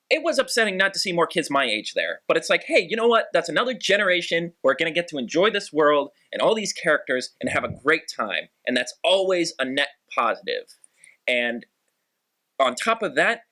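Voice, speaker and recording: A man hosting a casual podcast, talking in an animated, rambling way with lots of fillers. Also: on the high side. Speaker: podcast host.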